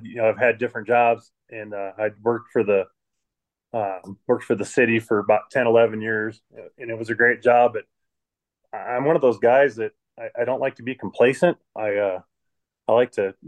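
A middle-aged man from Michigan talks in a somewhat low voice, easygoing and unhurried. He rambles through anecdotes about his jobs as a podcast guest, circling back and restarting his sentences as he goes. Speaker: podcast guest, water plant manager. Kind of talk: casual storytelling interview.

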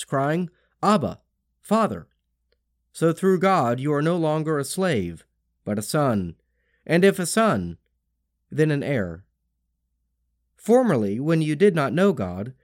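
Man reading scripture with lively intonation. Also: fairly high pitch. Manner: solemn, expressive reading with lively rises and falls. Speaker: scripture reader.

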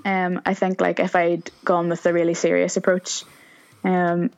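A woman with a slightly low voice speaks in a thoughtful, self-deprecating way. The recording sounds somewhat dull and lo-fi. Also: monotone, moderate pace, creaky. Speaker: interview guest. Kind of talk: casual conversation.

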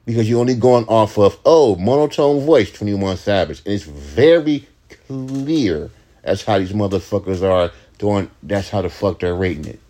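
A young man with a low voice, rambling in a profane, ranting late-night podcast monologue. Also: expressive, normal speed, mellow. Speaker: podcast host, rapper.

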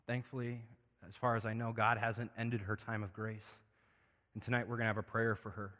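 A man's voice: lowish voice, little pitch movement, a little fast. Impassioned male pastor in a reverberant hall. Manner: impassioned preaching, moving between hushed and loud. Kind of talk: sermon.

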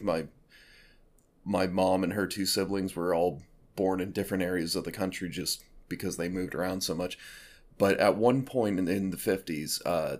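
A man with a low, deep voice hosts a casual podcast, rambling through a family story with constant "like" fillers. He talks loosely and conversationally. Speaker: podcast host. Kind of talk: casual chat.

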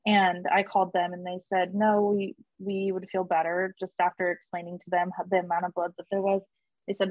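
A young woman chatting through a personal story as an interview guest, animated when she quotes people and laughing often. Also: lowish voice, dry recording, highs cut off. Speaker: guest telling her birth story.

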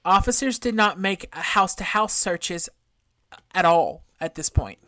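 A woman's voice: lowish voice, expressive, a little slow, pushed and bright, no room sound, studio quality. A woman co-hosting a true crime podcast, going through the case with casual swearing. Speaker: podcast co-host.

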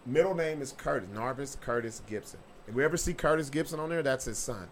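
A man's voice: mid-range voice, fast talker, a little hiss or hum. A man hosting a podcast, telling stories in casual chat with a swaggering, profane delivery. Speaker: podcast host.

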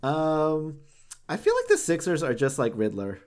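A man's voice: a little high, huge pitch swings, measured pace, a little mellow. A man co-hosting a podcast in casual chat, who laughs often, fills his talk with "like", and acts out what others might say. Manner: laughs often, many "like" fillers, acts out quoted voices. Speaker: podcast co-host.

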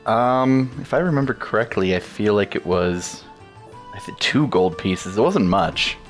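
A man's voice: on the low side, lively intonation, a little slow. A man playing in a tabletop game, easygoing and a little hesitant, with faint music behind him. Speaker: player.

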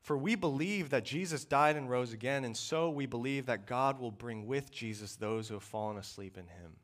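A man preaching a sermon in a church, earnest and measured, slowing down and pausing to press his points. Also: mid-range voice, a bit bright. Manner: earnest, measured preaching with slow emphatic pauses.

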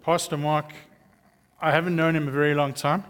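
Preaching as a guest, a South African man in his thirties or forties tells his testimony in a chatty, joking style filled with fillers. His fairly high, slightly bright voice stays flat at a normal speed, and the church hall gives it long reverb.

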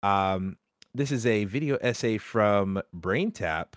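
A man hosting a casual gaming podcast, talking excitedly and often breaking into laughter. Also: on the low side, takes it slowly, clear, resonant tone, dry recording, clean studio sound. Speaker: podcast host. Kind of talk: casual chat.

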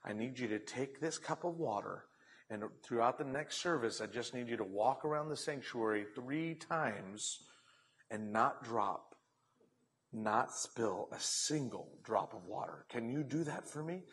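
A man voicing a calm, patient male pastor who speaks softly and coaxingly, heard in a reverberant hall. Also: mid-range voice, measured pace, pitched below the performer's own voice. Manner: soft, gentle, coaxing.

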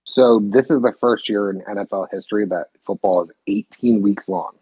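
A man's voice: fairly low pitch, normal speed, slightly rough, no room sound. A young man chatting casually on a podcast, laid-back and teasing, with some swearing. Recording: tinny phone-like line.

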